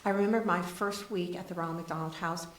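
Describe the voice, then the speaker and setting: Lively woman telling stories in an echoey room. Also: on the low side, fairly quick, a little hiss or hum. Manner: lively, acts out voices in her stories. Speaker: charity CEO guest. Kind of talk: animated storytelling on a talk show.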